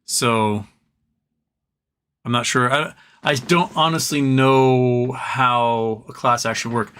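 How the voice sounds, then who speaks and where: A man's voice: mid-range voice, steady tone, takes it slowly, fairly bright tone, a little hiss or hum. A man hosting a live stream from home, chatting casually, answering viewer comments and trailing off into rambles.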